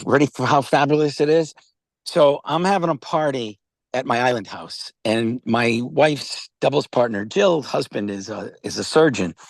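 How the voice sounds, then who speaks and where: Over a video call, a company founder pitching wellness products rambles through casual stories. This older man repeats words and keeps asking "okay?" and "all right?". His voice is mid-range, and there's no echo.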